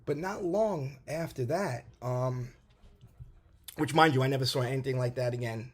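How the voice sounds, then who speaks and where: Male vlogger, casual testimony, mid-pitched voice, animated and halting with restarts. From New York, USA. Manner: animated storytelling with many restarts and fillers. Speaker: vlogger telling a personal testimony.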